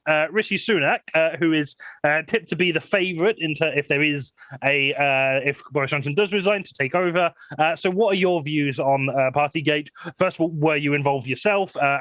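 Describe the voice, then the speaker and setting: Halting, chuckling male comedy host. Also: a little high, fairly bright tone, dry recording. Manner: halting, laughing, many fillers. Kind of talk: mock interview moderating.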